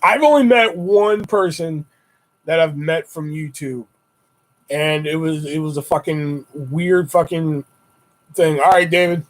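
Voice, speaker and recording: A young man with a light, high voice runs a casual livestream, chatting with viewers over a desktop mic. He rambles, swears freely, and animatedly retells stories, his voice jumping up into high-pitched exclamations when he quotes himself. He talks a little slowly, and the recording is rough.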